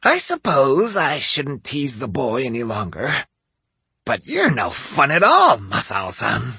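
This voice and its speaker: A man voicing a vain, teasing old noblewoman with a raspy voice in an audiobook. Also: a little high, huge pitch swings, slow, sharp tone, no room sound, voice pushed up, exaggerated voice. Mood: pouting. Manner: sly, teasing, imperious. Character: old woman lady, sly, teasing, vain, drinks and smokes. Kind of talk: audiobook character voice.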